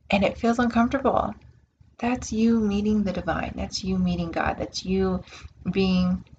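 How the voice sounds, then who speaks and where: A woman's voice: medium pitch, darkish tone, a little hiss or hum. Woman doing her own podcast, earnest self-help talk, repeats words to drive it home, kinda muffled sound. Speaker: podcast host. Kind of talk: reflective spiritual self-help monologue.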